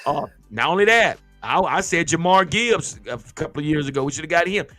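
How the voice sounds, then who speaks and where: A man hosts a sports podcast with heated, unfiltered emphasis, pressing each point hard. His voice sits a bit high and sounds tense and forceful. It is close and dry, with faint music underneath. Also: expressive, fairly quick, dry recording. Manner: heated, emphatic, fired-up ranting. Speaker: podcast host and former football player. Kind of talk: casual sports podcast chat.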